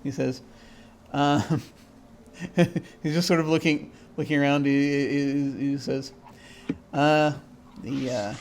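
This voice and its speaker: Man game master, higher voice, halting and rambly narration. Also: fairly even intonation, darkish tone, a little hiss or hum. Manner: halting, rambling, with many fillers. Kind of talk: narrating a tabletop role-playing game.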